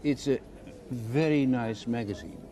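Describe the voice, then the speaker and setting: An older man, giving an interview and recalling his retail career in halting, repeated phrases. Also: mid-range voice, dark tone. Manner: halting, repeats words while searching for phrasing. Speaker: interviewee, former retail executive. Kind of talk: reflective conversational interview. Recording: noisy background hiss.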